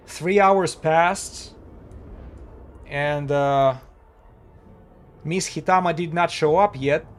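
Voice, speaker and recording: A man casually talking while he streams a game, halting and chatty, with many fillers and restarts. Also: fairly high pitch, a little hiss or hum. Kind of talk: casual live-stream commentary.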